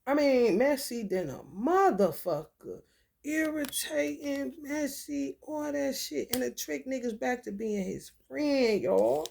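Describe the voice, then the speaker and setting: A woman's voice: high-pitched, lively intonation, takes it slowly, vocal fry, a little mellow. A woman venting in a casual monologue, telling a story bluntly and profanely with lots of rhetorical questions. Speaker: vlogger.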